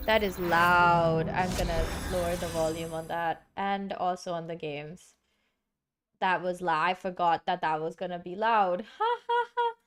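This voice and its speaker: A woman's voice: lowish voice, steady tone, measured pace, fairly bright tone, a little hiss or hum. A woman streaming from home, chatting casually and rambling with many fillers and restarts. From Singapore. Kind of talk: casual live-stream chat.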